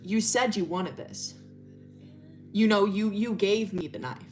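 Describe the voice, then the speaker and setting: A woman's voice: medium pitch, a little slow, darkish tone, faint music behind, natural voice. A woman voicing a manipulative, deranged young man in her own casual, insistent retelling voice.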